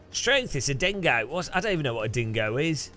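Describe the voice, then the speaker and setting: A man's voice: mid-range voice, sharp tone. Bemused, chatty male streamer. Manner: bemused, chatty, laughs often and swears. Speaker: streamer host. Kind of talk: casual livestream chat while racing.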